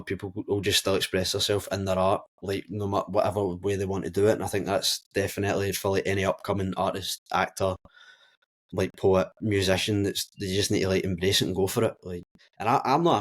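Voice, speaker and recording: A teenage man from Scotland, a guest musician in a casual podcast chat, rambling and full of filler words. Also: deep voice. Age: teens.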